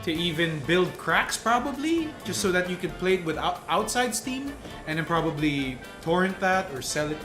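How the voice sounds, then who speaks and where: One of four gaming-podcast co-hosts sharing a single mic in one room, this man rambles through the news with restarts. His high voice is very animated, at a moderate pace with few pauses, and music plays in the roomy space behind.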